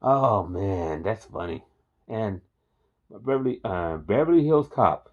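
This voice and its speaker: Philly guy vlogging, chatty and excited, muffled lo-fi audio. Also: fairly low pitch, slow. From Philadelphia. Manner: enthusiastic, chatty, repeats himself. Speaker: host. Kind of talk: casual vlog monologue. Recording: dull lo-fi recording.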